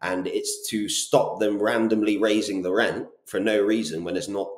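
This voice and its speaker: Lively Bristol man, roomy sound. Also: on the low side. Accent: Bristol English. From Bristol, England. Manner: brisk, animated storytelling with casual swearing. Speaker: guest, property business owner. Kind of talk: casual interview chat. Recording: roomy echo.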